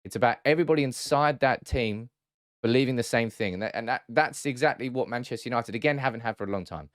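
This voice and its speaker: Man, football analysis host, casual tactical breakdown, dry close sound, mid pitch. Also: fast, dry recording. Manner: chatty, self-correcting, hesitant restarts.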